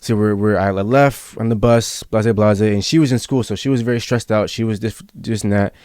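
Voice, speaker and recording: Low-voiced man telling a rambling story. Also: fairly even intonation, normal speed, darkish tone, clear, resonant tone, no room sound, clean studio sound. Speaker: podcast host. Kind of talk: casual podcast chat.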